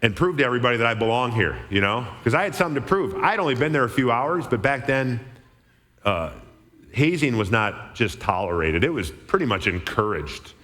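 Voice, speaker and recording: A man's voice: medium pitch, brisk. Chatty man speaking in a reverberant hall. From Minnesota. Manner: animated, chatty, frequent "okay?" asides. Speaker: guest speaker at church. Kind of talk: storytelling sermon talk. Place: large church auditorium.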